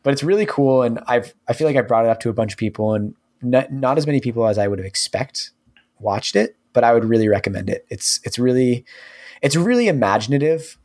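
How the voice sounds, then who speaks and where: A man co-hosting a podcast in casual chat, rambling and full of fillers. His voice sits at an ordinary pitch, close on a studio microphone. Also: expressive, fast, darkish tone. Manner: rambling, filler-heavy recommending. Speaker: podcast co-host.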